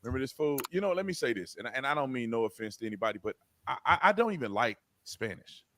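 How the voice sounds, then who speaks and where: A man giving casual commentary in a mocking, animated way, often stammering on his words. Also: medium pitch, fast. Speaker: commentator in played clip.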